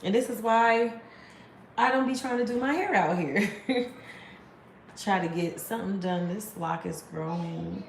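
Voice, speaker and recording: A woman's voice: medium pitch, unhurried, gravelly, pauses often, roomy sound, slight background noise. A woman in her thirties chatting casually to a phone camera, rambling and laughing often. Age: 30s. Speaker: vlogger.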